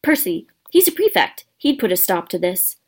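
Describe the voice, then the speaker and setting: A woman's voice: a little high, big pitch swings, fairly quick, darkish tone. A woman voicing a bossy, know-it-all schoolgirl who lectures shrilly in a storybook reading. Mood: indignant lecturing.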